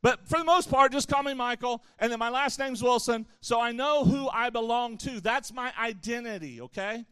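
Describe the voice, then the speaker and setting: A man with a notably high voice preaches to a youth audience in an easy, conversational way. He throws playful asides at the listeners between points, and his voice sounds dry and close to the mic. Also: moderate pace, hardly any pauses, a bit bright, smooth, dry recording. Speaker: youth pastor. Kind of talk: sermon.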